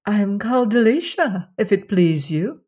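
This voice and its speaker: A woman voicing a gentle, polite young princess in a storybook reading, speaking softly. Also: medium pitch, expressive, moderate pace, breathy edge. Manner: soft and polite.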